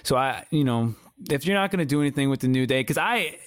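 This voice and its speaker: A man co-hosting a wrestling podcast, chatting casually with animated, slangy talk and frequent stammered restarts. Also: medium pitch, fast, no echo, clean studio sound. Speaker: podcast co-host.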